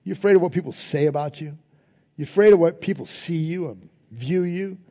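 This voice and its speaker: A man preaching a sermon in informal phrasing, building to emphatic refrains and dropping to soft prayerful tones. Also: a little high, brisk, big-room sound, lo-fi sound. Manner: preaching with rising emphasis, repeated refrains and call-and-response. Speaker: pastor.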